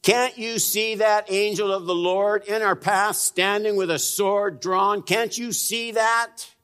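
A man voicing an exasperated talking donkey that scolds its rider in a high, drawn-out, incredulous tone. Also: steady tone, fairly bright tone, clean tone.

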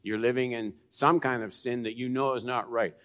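A man preaching a sermon, swinging between raised emphasis and hushed, low asides, and putting direct questions to his listeners. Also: fairly even intonation, normal speed. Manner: direct, probing questions to the congregation. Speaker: pastor.

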